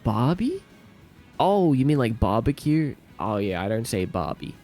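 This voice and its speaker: An Australian man with an Australian accent chats casually on a livestream, reading viewer comments, relaxed and laughing a lot as he repeats words aloud. His warm, medium-pitched voice has lively intonation at a normal speed, with soft music in the background.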